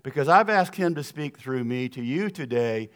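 This guest preacher is a middle-aged man from the American South with a Southern accent, standing in a church sanctuary. His voice sits at medium pitch, expressive and a bit bright, moving at normal speed as he spins folksy, earnest stories with remarks to the congregation.

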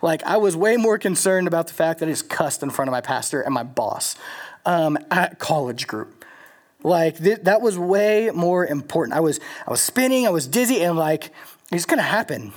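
A man's voice: on the high side, big pitch swings, normal speed. A young man from Louisiana leading a college group, telling stories in a casual, rambling sermon full of filler words and restarts. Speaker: college ministry leader. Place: in front of a live group.

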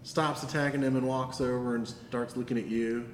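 A man running a tabletop game as game master, playful and quick to laugh. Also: medium pitch, fairly even intonation. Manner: laughs often, loose and playful. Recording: echoey room with long reverb, faint background noise.

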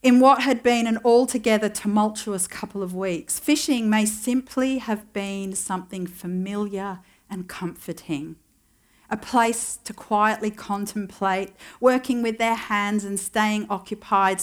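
A woman preaching to a congregation in an easy, conversational way. She reflects and wonders aloud as she retells a story, and slips in dry little asides. Her voice sits at a middling pitch for a woman. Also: fairly even intonation, measured pace. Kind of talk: sermon.

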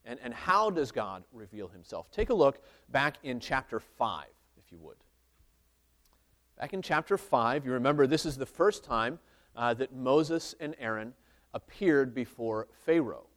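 A man's voice: mid-range voice, sing-song, unhurried, fairly bright tone. A man preaching an expository sermon, reading scripture aloud and explaining it earnestly, with frequent restarts. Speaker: pastor.

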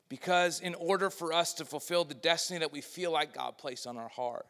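Male preacher, sermon delivery, bright and forceful, long hall reverb. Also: fairly high pitch, brisk, vocal fry, hardly any pauses. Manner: swings between loud and hushed, acts out quoted voices.

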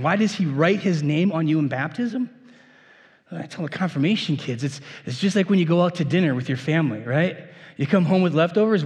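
A pastor giving a conversational sermon with laughs and asides, then leading a prayer and blessing in a church. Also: male voice, fairly high pitch. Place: church sanctuary. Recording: long reverb of a church hall.

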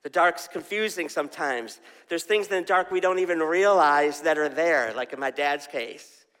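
A man preaches to a church crowd, spinning a chatty story and asking the room questions. His voice sits a little high for a man. A long hall reverb trails after his words. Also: normal speed, a bit bright, clean tone. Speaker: pastor. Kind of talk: sermon.

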